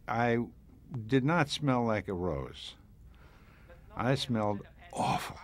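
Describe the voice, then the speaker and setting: A man's voice: mid-range voice, slow pace. A male actor telling stories from a film shoot in an interview, acting out both sides of an argument. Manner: animated, acts out an argument. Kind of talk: interview anecdote.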